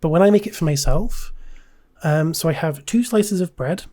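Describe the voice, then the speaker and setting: A woman's voice: deep voice, normal speed, mellow. A woman hosting a casual podcast chat, talking in a hesitant way, often trailing off and repeating herself. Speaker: podcast host.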